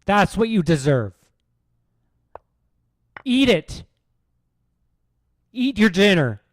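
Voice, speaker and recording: A man doing a loud, repetitive parody impression of a male comedian. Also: high voice, big pitch swings, extremely slow, pitched above the performer's own voice, heavily acted. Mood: mocking. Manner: shouty, repetitive, strained.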